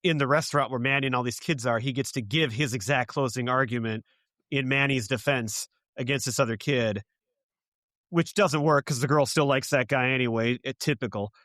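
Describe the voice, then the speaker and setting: Relaxed man recounting plot. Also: mid-range voice, a little fast, no echo, studio quality. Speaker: podcast co-host. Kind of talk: casual podcast chat.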